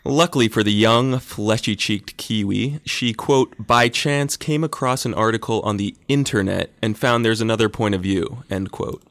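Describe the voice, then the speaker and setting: A man's voice: fairly low pitch, normal speed, hardly any pauses, fairly bright tone, dry recording. A man presenting a comic news segment, reading with a wry, dry delivery.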